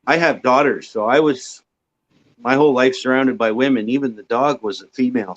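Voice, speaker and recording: A man's voice: medium pitch, muffled recording. A middle-aged man, a guest joining a casual chat by video call, talking with restarts. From Canada. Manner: lively, stammering restarts.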